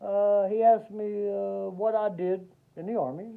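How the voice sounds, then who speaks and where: A man's voice: sits high, steady tone, measured pace, gravelly. A man, an Army veteran telling a personal story in a rambling way, acting out the voices he quotes with dry humor. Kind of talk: casual spoken storytelling. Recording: tinny phone-like audio.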